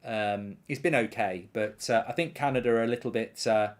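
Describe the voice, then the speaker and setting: A man's voice: medium pitch, normal speed. A man hosting a live football watchalong, reading out viewer comments and ranting indignantly about refereeing calls. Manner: animated, indignant rants, reads viewer comments aloud.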